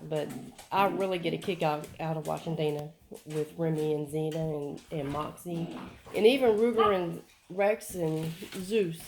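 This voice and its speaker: A low-voiced woman trainer rambles in a folksy, affectionate way while chatting among her dogs at home. A faint hiss of background noise sits under her voice. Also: moderate pace. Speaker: dog trainer and breeder. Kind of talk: casual home vlog.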